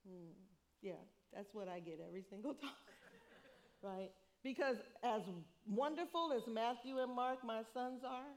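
A middle-aged woman preaching a sermon, lively, laughing often and acting out what people say. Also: a little high, unhurried.

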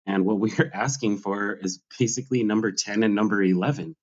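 A man's voice: on the low side, fairly quick. A man, a schoolteacher, explaining his stand in a resolute, principled way. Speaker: striking schoolteacher. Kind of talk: conversational interview answers. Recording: slightly dull lo-fi sound.

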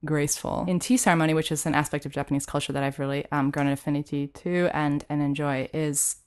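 Texas woman teaching english abroad, kinda low voice, rambly casual chat. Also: steady tone, quick pace, clean tone. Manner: chatty, lots of fillers and restarts.

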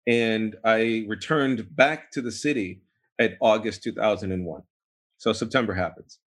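Animated New man telling a story. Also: fairly low pitch, measured pace. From United States. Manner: animated, rambling, with many fillers and restarts. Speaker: podcast guest. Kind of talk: casual storytelling interview.

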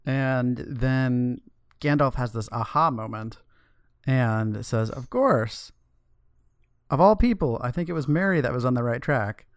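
A man's voice: medium pitch, measured pace, clear, resonant tone, no room sound, clean studio sound. A man co-hosting a podcast, recapping and reading passages from a book in a casual discussion. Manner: paraphrases and reads passages from the book. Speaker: podcast co-host.

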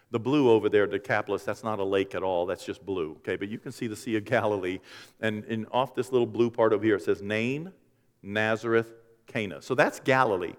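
Animated pastor preaching in a reverberant hall. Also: male voice, on the low side. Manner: animated, jokey, acts out quoted voices. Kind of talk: teaching sermon. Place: church sanctuary.

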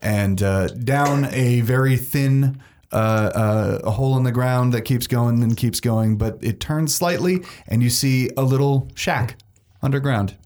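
A man narrating as game master, halting with fillers and laughing often. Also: mid-range voice, darkish tone.

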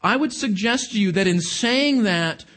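Lively high-pitched male preacher. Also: a little slow. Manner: questioning the audience, emphatic. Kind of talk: sermon.

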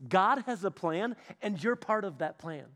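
A young man preaching a sermon, telling a personal story and acting out the voices of the people in it, going from loud to hushed. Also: high-pitched, unhurried. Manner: animated, acts out quoted voices, shifts from loud to hushed. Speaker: pastor's son preaching.

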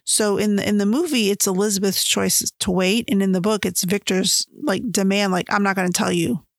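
A woman's voice: mid-range voice, moderate pace, dry recording. Chatty woman, dry close sound. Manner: chatty, animated, laughs often. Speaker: book reviewer. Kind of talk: casual book-versus-film commentary.

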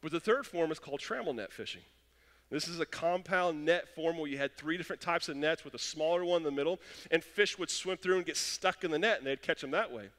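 A young adult man preaching a sermon, telling stories and acting out quotes with lively animation. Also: fairly high pitch, a little fast. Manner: animated storytelling with acted-out quotes. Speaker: pastor. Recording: long hall reverb.

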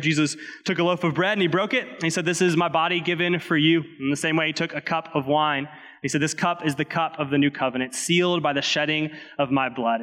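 A man's voice: fairly high pitch, a bit bright. A man preaching a sermon as pastor, leading communion and prayer with earnest, repetitive cadences. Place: church sanctuary. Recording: long hall reverb.

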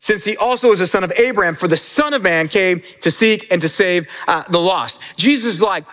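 A man's voice: high voice, fairly quick, a bit bright, big-room sound. A man preaching as pastor in a casual, conversational sermon, often repeating words as he builds a point.

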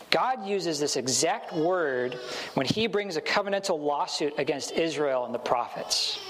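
A man's voice: on the high side, a bit bright, a little hiss or hum, rough recording. Man preaching in a conversational way. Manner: conversational preaching, acts out quoted voices. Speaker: pastor. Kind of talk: sermon.

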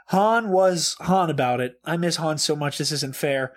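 A man casually reading out reaction notes. He is animated and swears a lot, often breaking into laughter. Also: on the high side, measured pace, few pauses. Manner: animated, profane, frequent laughter. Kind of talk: casual comedic chat.

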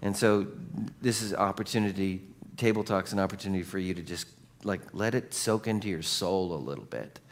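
A male pastor preaching a sermon in a lively, conversational way, cracking jokes and calling for responses from the congregation. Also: deep voice, a little fast, a little hiss or hum.

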